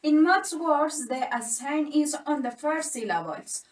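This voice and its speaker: A young woman with a Colombian Spanish accent and a high voice reads out stress rules very slowly and deliberately, spelling letters and repeating examples. She sits away from the mic in an echoey room. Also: animated, far from the mic, slight background noise. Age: young adult. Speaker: student presenter. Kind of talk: reading phonetics rules for a lesson.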